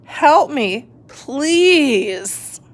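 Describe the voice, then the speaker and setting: Storybook skeleton girl, high and bouncy, lively swoops, read by a woman. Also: extremely slow, full character voice. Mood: worried. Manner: squealy, bouncy, exclaiming. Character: cheerful excitable female skeleton.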